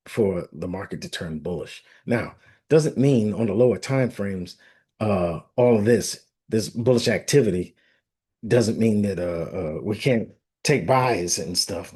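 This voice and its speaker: A man with a somewhat low, husky voice talks through trading charts in an unscripted way. He restarts sentences, leans on "all right" and "uh", and keeps checking whether viewers understand. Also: lively intonation, unhurried, darkish tone. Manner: rambling, filler-heavy, asks viewers if they understand. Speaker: forex analyst host. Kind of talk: casual chart walkthrough.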